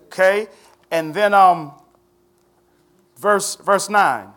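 A man's voice: high-pitched, unhurried, a bit bright. A man teaching a Bible study, questioning his listeners in a conversational way and laughing often.

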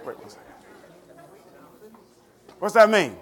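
A man's voice: high-pitched, very animated, takes it slowly, some chatter behind. A man teaching a Bible study, questioning his listeners in a conversational way and laughing often.

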